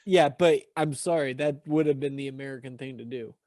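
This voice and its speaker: A man co-hosting a casual history podcast, chiming in with wry jokes and quick agreement. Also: mid-range voice, a little mellow, no room sound, clean studio sound. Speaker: podcast co-host.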